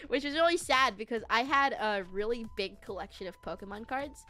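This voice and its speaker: Brief: higher-pitched female streamer, lively and foul-mouthed storyteller, soft music underneath. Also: normal speed. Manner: animated, laughing, swearing freely. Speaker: VTuber streamer. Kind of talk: casual storytelling to chat.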